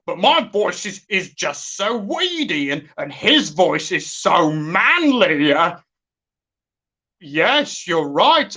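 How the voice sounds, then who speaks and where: A nervous, weedy accountant, as a woman puts him on, stammers through a comic phone monologue. His voice sits a little lower than hers and moves in lively swings. He talks slowly and fawns over his boss. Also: full character voice. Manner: stammering and fawning.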